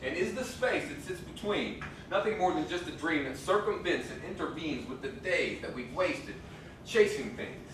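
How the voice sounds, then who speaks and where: Man, slam poet, punchy rhythmic delivery, higher voice, distant echoey hall, faint background noise. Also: lively intonation, moderate pace. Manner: jokey banter, then rhythmic spoken-word delivery. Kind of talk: stage banter and slam poetry. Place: indoor stage at a live venue.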